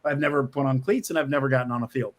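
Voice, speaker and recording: Here a middle-aged screenwriter guest talks at a racing pace in a medium-pitched voice. The interview is casual, and he rambles, restarting often and laughing a little.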